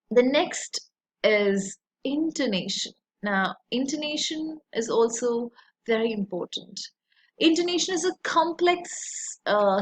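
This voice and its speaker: A woman, teaching a lesson in a slow, deliberate way, with many fillers. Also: fairly high pitch, slightly rough. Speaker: English teacher. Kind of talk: recorded lecture.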